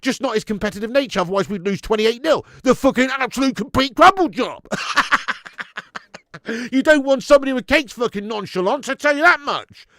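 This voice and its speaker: The fan channel host has a very high voice and a brisk delivery as he runs a live football watch-along. He swears often, stays animated, and reads viewer messages out loud over a dry, studio-quality recording.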